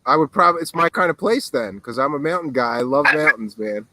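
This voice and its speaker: Man, call-in host, relaxed rambling chat, outdoors on a laptop mic. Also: fairly high pitch, quick pace, dry recording, low-quality recording. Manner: relaxed, rambling, easily amused. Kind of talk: casual call-in show chat. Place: outdoors by a fire in the mountains.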